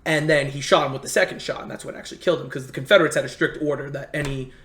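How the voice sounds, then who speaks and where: A man in casual conversation telling history stories in a halting way, full of restarts. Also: medium pitch, steady tone, fairly bright tone. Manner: rambling, halting history storyteller with many restarts. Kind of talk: casual storytelling chat. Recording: echoey room.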